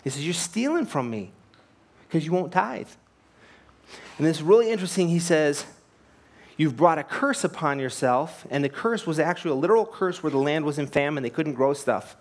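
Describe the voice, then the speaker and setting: With a fairly high, animated voice and a brisk pace, a man delivers a sermon as a pastor. He sounds earnest and emphatic, asks rhetorical questions, and laughs lightly as he tells anecdotes.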